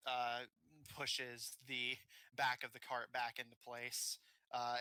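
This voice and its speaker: A man narrating as game master of a tabletop game, filling pauses with frequent "uh"s. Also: medium pitch, pushed and bright, clear, resonant tone, dry recording, rough recording. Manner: hesitant, many "uh" fillers.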